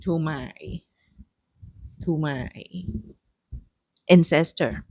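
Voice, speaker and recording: Thai-accented woman, native Thai speaker, unhurried soft podcast co-host, dry close sound. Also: low voice, breathy edge, dry recording. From Thailand. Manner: halting, searching for words, soft. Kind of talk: casual chat.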